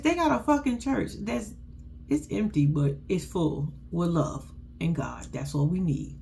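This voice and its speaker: A woman giving a blunt, sassy, profane recap of a reality show in casual chat, with AAVE features in her speech and big pitch swings when she quotes people. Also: expressive, measured pace, creaky, warm tone, a little hiss or hum.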